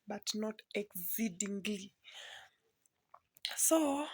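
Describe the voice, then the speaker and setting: Soft-spoken woman, close and dry. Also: mid-range voice, animated, slow, creaky, pauses often, husky, no room sound. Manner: soft-spoken, often near a whisper, mixing Swahili into English. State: emotional, near tears. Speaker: vlogger, mother. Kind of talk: casual vlog talk to camera.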